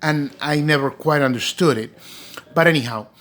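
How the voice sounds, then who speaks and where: A man's voice: fairly high pitch, moderate pace, a bit bright. A man vlogging to a phone, telling a personal story in an earnest, rambling way full of fillers. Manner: earnest, rambling, heavy with "you know" and "um". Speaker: doll collector vlogger.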